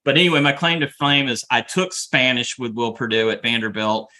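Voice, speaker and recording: Bright-voiced man rambling on a podcast. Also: medium pitch, fairly even intonation, brisk. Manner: rambling, repeats words while talking. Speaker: podcast co-host. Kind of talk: casual chat.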